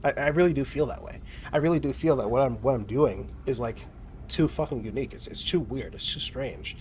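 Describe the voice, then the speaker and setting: An American man who makes gaming videos talks at a medium pitch, a little fast, with a darkish tone over a faint hiss or hum. His monologue is loose and profane, full of fillers and restarted sentences as he games.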